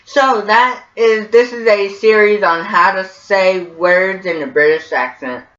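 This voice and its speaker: A man's voice: high voice, measured pace, pushed and bright. A man from the United States with an American accent, hosting a casual how-to video and often hesitating with ums and repeated words. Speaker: vlogger. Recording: roomy, dull lo-fi sound.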